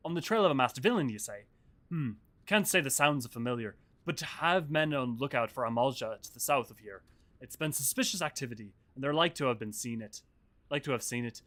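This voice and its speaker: A man's voice: mid-range voice, animated, fairly quick, a bit bright, lightly acted. A man voicing a friendly, chatty male security chief in a game, reading his lines in a folksy, helpful manner.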